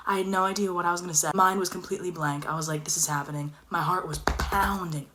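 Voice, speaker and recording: A young woman telling a personal story in casual chat, animated and dropping into whispers for emphasis. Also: lowish voice, fast talker, hardly any pauses, crowd noise.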